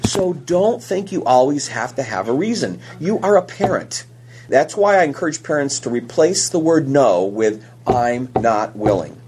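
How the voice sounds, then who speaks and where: A man's voice: fairly high pitch, very animated, normal speed, background noise. A man hosting a parenting podcast, giving casual advice and telling stories from home. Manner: anecdotal, acts out quotes in raised voices.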